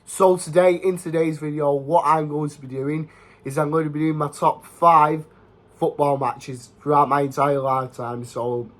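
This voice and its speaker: A man's voice: a little high, steady tone, normal speed. A young man, chatting casually to camera about his favourite football matches and leaning on fillers like "you know" and "obviously". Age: young adult. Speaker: football vlogger. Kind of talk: casual talking-head vlog.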